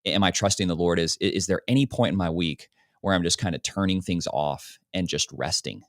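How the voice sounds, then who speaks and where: A man's voice: sits low, fairly quick, dry recording, studio quality. A man co-hosting a faith-based podcast, encouraging listeners in a preachy, upbeat way. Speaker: podcast co-host. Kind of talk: casual faith-based chat.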